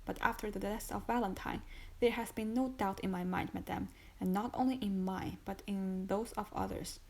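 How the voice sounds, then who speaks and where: A woman's voice: medium pitch, moderate pace, creaky, lightly acted, rough recording. A woman reading a cold, contemptuous male magistrate. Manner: calm, contemptuous and relentless. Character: cold, stern male magistrate accusing his wife. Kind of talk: audiobook reading.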